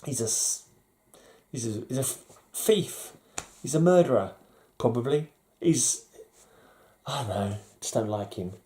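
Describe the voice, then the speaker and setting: Rambling, blunt man, mellow voice. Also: mid-range voice, expressive, a little slow, long pauses. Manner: rambling, blunt, self-interrupting with fillers and laughs. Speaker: vlogger. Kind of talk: casual chat.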